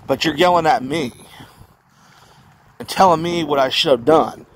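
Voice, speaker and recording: A vlogger with a slightly high voice rants indignantly at a normal speed, swearing heavily and firing off repeated rhetorical questions. It's an angry venting monologue, and the audio quality is poor.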